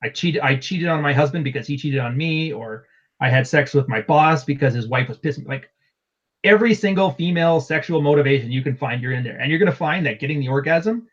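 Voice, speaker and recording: A man's voice: fairly high pitch, brisk. A man chatting casually as a podcast guest, heard over a dull, lo-fi remote connection.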